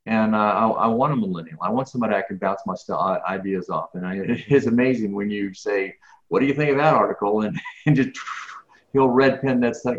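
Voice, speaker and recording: A middle-aged man answering interview questions in an earnest, rambling way, often repeating his words. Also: lowish voice. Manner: earnest, rambling, repeats words, grows animated when ranting. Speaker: guest, business speaker. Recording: roomy, dull lo-fi sound.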